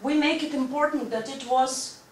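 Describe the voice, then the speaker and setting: A woman with a high-pitched voice, speaking at normal speed, walks a class through an English grammar lesson and keeps asking "right?". The recording comes from a distance in an echoey school classroom, with noise in the background.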